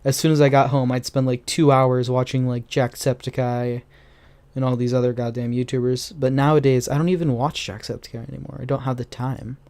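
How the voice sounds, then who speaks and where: A man's voice: medium pitch, level tone, brisk, a little mellow. A man hosting a casual podcast chat, profane and joking, often stammering as he restarts his sentences. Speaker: podcast host. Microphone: online voice call.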